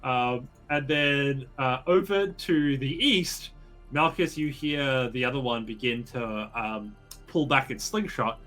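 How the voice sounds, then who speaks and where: A man runs a tabletop game, narrating the action in a bright, forward voice. He often pauses and fills gaps with ums while describing the scene. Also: mid-range voice, faint music behind. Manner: hesitant, full of ums. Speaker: game master.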